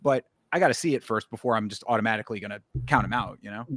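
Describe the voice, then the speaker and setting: A man's voice: fairly low pitch, very fast, fairly bright tone, no echo. A man co-hosting a show, giving fight analysis in casual chat, hedging often with "you know" and "I mean". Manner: hedging, many fillers and restarts. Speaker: podcast co-host.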